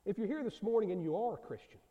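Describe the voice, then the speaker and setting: Earnest preacher guy, high animated voice, mellow tone, big echoey church. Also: fast talker, dull audio. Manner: earnest, asks the congregation questions. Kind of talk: sermon. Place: church sanctuary. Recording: long hall reverb.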